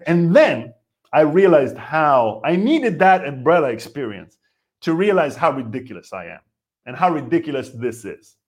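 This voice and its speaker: A man's voice: on the high side, big pitch swings, moderate pace. A man in his thirties from Israel, ranting as a comedy host in a rambling, profane, self-interrupting way. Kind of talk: live comedy rant.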